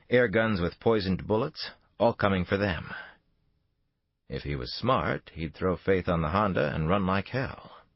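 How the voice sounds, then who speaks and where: A man narrating a thriller audiobook in a steady, dramatic way. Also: low voice, dry recording, muffled recording. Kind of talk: scripted narration.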